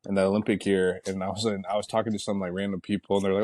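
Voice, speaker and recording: A man, a pro sprinter, chatting in an interview, telling stories in a relaxed, rambling way with lots of fillers. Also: sits low, racing, no room sound, clean studio sound. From United States. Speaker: Olympic sprinter guest. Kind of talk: casual interview talk.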